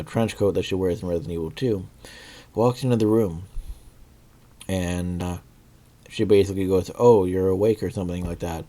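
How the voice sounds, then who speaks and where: A man giving a casual, rambling spoken review, with many fillers, restarts and pauses while he searches for words. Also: low voice, mellow. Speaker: video reviewer.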